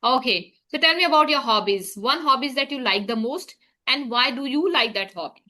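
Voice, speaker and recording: A woman guides a casual English practice chat, asking questions and saying "okay" often to keep things moving. Her voice is bright and a little sharp, and it sits fairly high. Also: expressive, normal speed. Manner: encouraging, asks questions, frequent okays. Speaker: interviewer, English practice partner.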